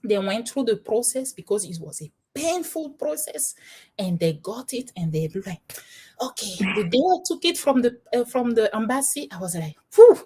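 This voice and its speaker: Animated woman from Benin. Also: fairly high pitch, moderate pace, slightly rough. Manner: animated, laughing, frequent restarts. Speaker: panel guest. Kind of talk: personal panel discussion.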